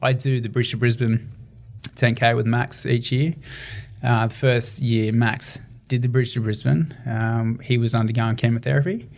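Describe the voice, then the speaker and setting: A man's voice: medium pitch, fairly even intonation, moderate pace, gravelly, a little mellow. A young adult man with an Australian accent, talking earnestly in a casual interview with many fillers and restarts. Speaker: guest, ultramarathon runner.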